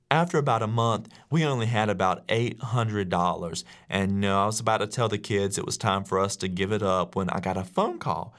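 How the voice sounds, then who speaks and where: A man who teaches, telling a story to an audience in an animated way and acting out the voices of the people in it. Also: on the low side, fairly quick, few pauses. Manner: animated, acts out quoted voices. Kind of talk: storytelling speech.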